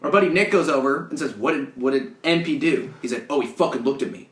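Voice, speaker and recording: A man's voice: medium pitch, fast. A young man telling stories with lots of swearing as a guest on a casual podcast. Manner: animated storyteller, swears a lot. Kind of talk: casual banter. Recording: echoey room.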